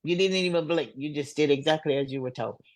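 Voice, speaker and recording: An older woman, a singer, telling stories in a relaxed interview and playfully acting out the people she quotes, with frequent laughter. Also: low voice, fast, dry recording. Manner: laughs often while talking. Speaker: singer and guest. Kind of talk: storytelling in a casual interview.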